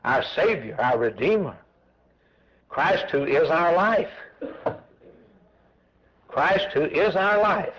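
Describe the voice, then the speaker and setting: A man preaching a sermon in a lively, swooping voice that sits a little high. He drives his points home with repeated phrases and answers his own questions. The sound is dull and lo-fi, like an old radio broadcast. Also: slow, long pauses, slight background noise. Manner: emphatic, repetitive preaching cadence.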